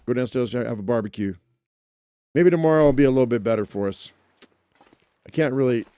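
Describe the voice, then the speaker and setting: A man talks through a survival game as he plays, muttering plans to himself and joking with viewers. His voice is mellow and warm, sitting at an ordinary pitch. He breaks into playful exclamations when things go wrong. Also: a little fast, smooth, dry recording. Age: adult, owns a dog. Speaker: let's play gamer. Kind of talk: casual gameplay commentary.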